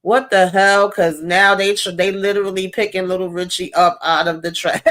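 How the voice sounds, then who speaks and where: A woman's voice: lowish voice, fairly even intonation, moderate pace, fairly bright tone. A woman co-hosting a casual movie discussion, retelling scenes and acting out the lines with laughs. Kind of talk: casual movie recap chat.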